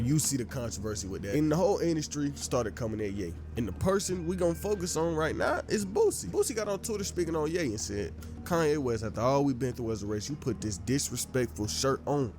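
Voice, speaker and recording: A man narrating a commentary voice-over in a casual, slang-heavy way. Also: medium pitch.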